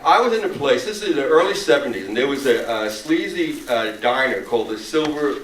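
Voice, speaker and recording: Animated male storyteller in an echoey theater. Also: mid-range voice, fairly quick, slight background noise. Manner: animated storyteller acting out quoted voices. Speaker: panel speaker. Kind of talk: storytelling at a post-screening discussion. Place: theater auditorium. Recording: echoey room, far from the mic.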